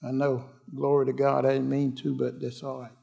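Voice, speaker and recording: A man preaching a fiery sermon, repeating short declarations and swinging from loud cries to hushed murmurs. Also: mid-range voice, completely flat delivery, a little fast, gravelly, dull audio. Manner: repetitive declarations and cadences.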